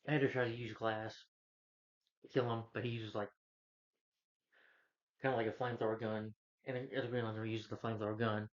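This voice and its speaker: A man's voice: on the low side, little pitch movement, a little fast, long pauses. A man casually retelling a film's plot as a reviewer, rambling, with frequent restarts. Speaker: film reviewer. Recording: dull lo-fi recording.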